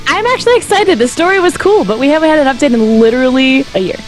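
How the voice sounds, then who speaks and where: A woman's voice: sits high, lively intonation, quick pace, faint music behind. Eager chatty woman on a podcast. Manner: eager, chatty, laughs often. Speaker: podcast co-host. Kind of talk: casual group chat.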